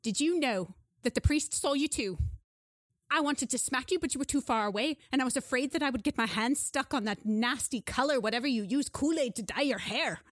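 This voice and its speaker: A shrill, indignant grandmother who scolds with pious outrage, as a woman puts her on. Her voice rides well above a normal speaking pitch. She is a stock figure from a tabletop horror game. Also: animated, a little fast, no echo, clean studio sound. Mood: scolding. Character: stern churchgoing grandmother turning sixty.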